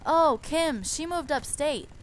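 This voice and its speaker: A woman's voice: high-pitched, expressive, slight background noise, pitched above the performer's own voice, rough recording. A young woman mimicking a brusque, dismissive male nail salon worker in a raised voice. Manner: dismissive, hurried.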